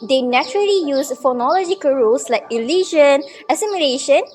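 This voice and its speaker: A woman's voice: sits high, animated, fairly quick, darkish tone. A young woman with a Malaysian English accent, co-presenting a scripted classroom dialogue in a friendly read-aloud manner. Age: young adult. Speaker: student co-presenter. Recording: faint background music.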